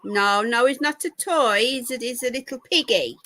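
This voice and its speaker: A woman's voice: a little high, normal speed, bright, forceful tone. A woman hosting a casual live stream, talking to her pets in cooing baby talk. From United Kingdom. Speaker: livestream host.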